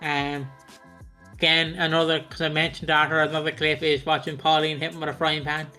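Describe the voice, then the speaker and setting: A man's voice: fairly high pitch, level tone, brisk, sharp tone, soft background music. A man co-hosting a casual chat over a video call, swearing often and acting out characters in short bursts. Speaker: podcast co-host.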